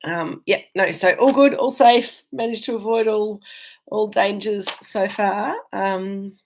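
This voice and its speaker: A woman's voice: medium pitch, steady tone, takes it slowly. A woman with an Australian accent hosting a live virtual wine tasting, chatting casually with viewers and rambling with many ums and restarts. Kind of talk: casual chat answering viewer comments. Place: indoors, travelling.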